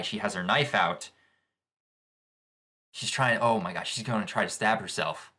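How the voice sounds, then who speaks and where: A man hosting a casual live reaction to a manga chapter, gushing with excitable exclamations as he reads along. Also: fairly low pitch, normal speed, long pauses. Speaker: manga reaction channel host.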